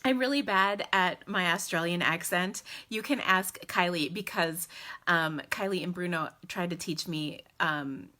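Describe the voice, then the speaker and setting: A bubbly woman in her forties chats live from her home into her phone camera. Her voice is bright and forward, and she talks in a loose, friendly way, laughing often between her thoughts. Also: lowish voice, a little slow. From United States. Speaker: crafting live-stream host. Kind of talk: casual live-stream chat. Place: at home indoors. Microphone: phone camera in selfie mode.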